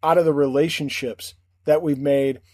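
A male podcast host speaks in an earnest, measured way, as if reading a prepared reflection. His voice is a little high for a man and sounds close and dry, with no room around it. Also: fairly even intonation, a little mellow, dry recording. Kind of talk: reflective scripted monologue.

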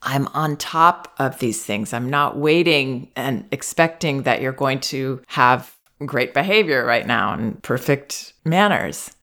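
A woman giving calm, measured parenting advice, gently acting out what children and parents might say. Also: very deep voice. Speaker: parenting advisor.

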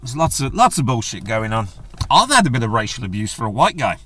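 A man's voice: mid-range voice, big pitch swings, quick pace, sharp tone. A man hosting his own solo podcast, ranting in a blunt, crude, joking way with plenty of swearing. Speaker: podcast host. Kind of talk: casual solo podcast rant.

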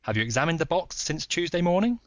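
A man voicing a calm, shrewd detective who speaks deliberately. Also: on the high side, no room sound. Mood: probing. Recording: dull dry recording.

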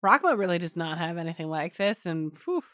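A woman's voice: lowish voice, animated, a little fast, a bit bright, no echo, studio quality. A woman playing her character in a tabletop game, speaking politely and earnestly. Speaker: player.

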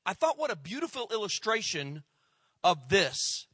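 A middle-aged man preaching a sermon as a lively storyteller, slipping into the voices of the people he quotes and sinking low for the tense parts. His voice is bright and forceful, on the high side for a man. The sound is close and dry. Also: normal speed, slightly rough, no room sound. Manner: animated storyteller, acts out quoted voices, drops to hushed tones. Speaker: pastor.

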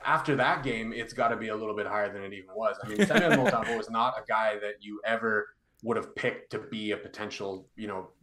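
A man co-hosting a casual sports livestream, talking in an analytical, measured way with many fillers. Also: fairly low pitch, sharp tone. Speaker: co-host. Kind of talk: casual hockey livestream chat. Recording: roomy, echoey room.

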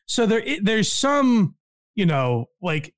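A man co-hosting a casual comedy podcast, talking in an animated way, laughing often and quoting people in voices. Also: sits high, slow pace. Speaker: podcast co-host.

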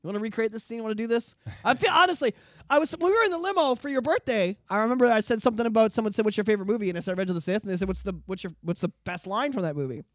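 A young man co-hosting a casual podcast, rambling and swearing, given to shouted impressions. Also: high voice, racing, dry recording, studio quality. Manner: profane, rambling, animated, bursts into shouted impressions. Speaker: podcast co-host.

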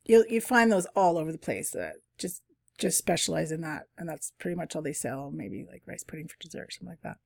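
A middle-aged woman casually telling a travel story, chatty and animated, often laughing. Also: sits low, fast, creaky, husky, dry recording, studio quality.

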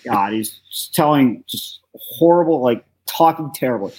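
Ohio co-host, husky mid-pitched voice, animated profane storyteller. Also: moderate pace. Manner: animated, swears, acts out quotes. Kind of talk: casual storytelling chat.

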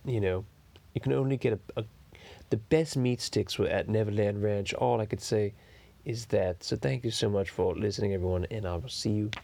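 A man's voice: fairly low pitch, normal speed, creaky, a little mellow. A man voicing a foul-mouthed, rambling cartoon baby boy in an improvised parody monologue full of crude tangents.

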